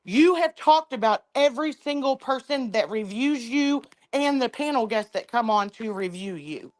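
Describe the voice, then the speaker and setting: A woman's voice: fairly high pitch, lively intonation, normal speed. A woman speaking in a played clip, scolding and accusing someone directly. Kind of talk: confrontational commentary clip.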